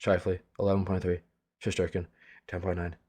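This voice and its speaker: A man's voice: low voice, completely flat delivery, fast, warm tone, husky. A young man, the league commissioner, giving a casual self-mocking recap of his fantasy hockey league, swearing freely.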